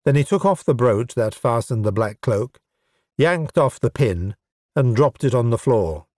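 A man narrating a fantasy audiobook in an even, understated way. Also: medium pitch, a little slow, no room sound, studio quality. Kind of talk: scripted narration.

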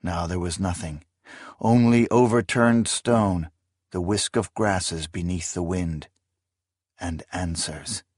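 Slow, deep-voiced male fantasy narrator. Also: darkish tone, dry recording, studio quality. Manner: solemn, deliberate. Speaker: audiobook narrator.

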